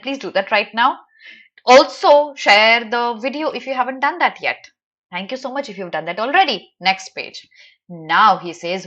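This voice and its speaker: A woman with an Indian English accent, a native Hindi speaker, teaching a live online lesson, animated and teasing, firing off rhetorical questions. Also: on the high side, highs cut off.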